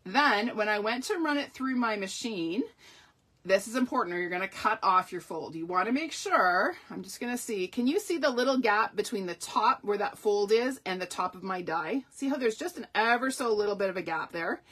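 A middle-aged woman talks through a card-making demonstration in a chatty, upbeat way. Her voice has a slightly husky edge and sits at an ordinary pitch, and she drops in self-deprecating asides as she works. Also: expressive, moderate pace, fairly bright tone. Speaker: crafting tutorial host.

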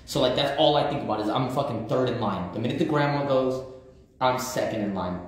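A man's voice: medium pitch, a little fast. A man in his thirties talking casually on a livestream, blunt and profane, with street slang and lots of repetition. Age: 30s. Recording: very echoey room.

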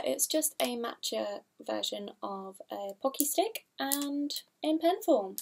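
A woman's voice: a little high, a little mellow, slight background noise. A young woman, chatting casually through a haul video, rambling and giggly, unsure of product names. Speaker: vlogger.

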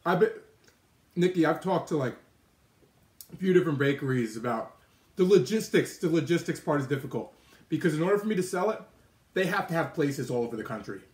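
A man's voice: a little high, animated, brisk, long pauses, reverberant. Chatty man eating on a live stream. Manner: talks with his mouth full, chatty, answers viewer comments. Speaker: livestream host eating on camera. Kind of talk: casual live-stream chat while eating. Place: indoor kitchen with oven and microwave.

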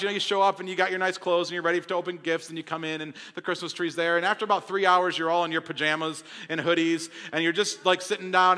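A young male pastor with a high, bright, forceful voice preaches in a casual, conversational way, dropping from loud emphatic lines to hushed, intimate storytelling. The sermon is caught in a large church with a long reverb trailing behind him.

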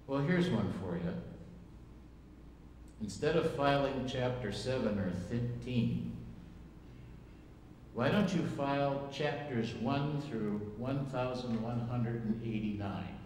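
Slow, folksy Wisconsin pastor, echoey church hall. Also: male voice, mid-range voice, a little mellow. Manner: folksy, plain-spoken storyteller. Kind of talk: sermon with personal stories. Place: church sanctuary. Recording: echoey church hall, faint room noise.

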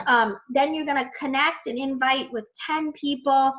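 A woman coaching new team members on a training call, chatty and animated, full of fillers and acted-out self-talk. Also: high voice, moderate pace, a little hiss or hum. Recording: muffled lo-fi call audio.

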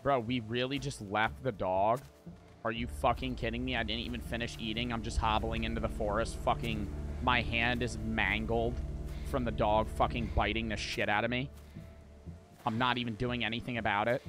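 A young man streaming a game, talking to his chat in a casual, profane, excitable way and breaking into repeated shouted outbursts. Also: mid-range voice, normal speed. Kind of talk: live gameplay commentary. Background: game music.

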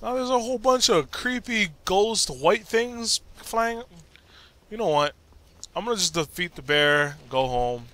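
Excitable joking man playing a game. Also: high-pitched, measured pace. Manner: excitable, jokey, talks back to game characters. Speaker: gameplay commentator. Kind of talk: joking gameplay commentary.

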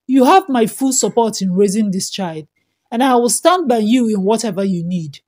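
A woman's voice: a little high, animated, moderate pace, darkish tone. A woman voicing a stern older father-in-law who speaks in a commanding way. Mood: gentle.

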